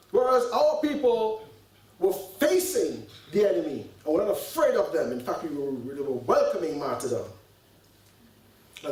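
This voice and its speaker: High-voiced man preaching in an echoey hall. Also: darkish tone. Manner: earnest, rhetorical questions, repeats words while thinking. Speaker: sheikh giving a religious talk. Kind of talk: sermon. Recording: echoey hall, mic at a distance.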